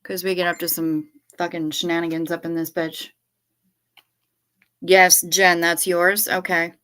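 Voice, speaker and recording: A woman's voice: fairly low pitch, flat delivery, a little slow, a bit bright, smooth. A woman hosting a livestream from home, chatting casually, rambling candidly and swearing freely. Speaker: livestream host.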